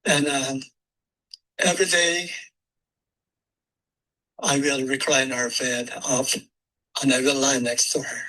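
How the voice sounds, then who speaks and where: A man telling gentle, heartfelt stories in a personal eulogy, with some nonstandard grammar. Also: mid-range voice, level tone, slow pace, long pauses, rough recording. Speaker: eulogy speaker.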